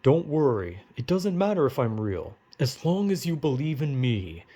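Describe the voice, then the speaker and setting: A man voicing a calm, preachy male hero who talks slowly and soothingly while retelling a movie. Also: mid-range voice. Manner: slow, earnest, soothing.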